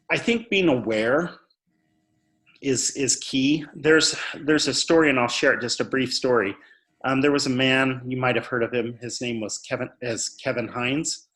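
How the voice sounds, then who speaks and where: In an earnest interview, a man who speaks on suicide prevention recounts a story, repeating words frequently for emphasis. His voice is medium-pitched with a fairly bright tone.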